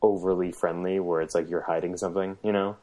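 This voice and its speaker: Young man, co-host, very deep voice, mellow dark tone, tired and roughened, wisecracking and laid-back. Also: little pitch movement, quick pace. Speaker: podcast co-host. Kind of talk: casual chat.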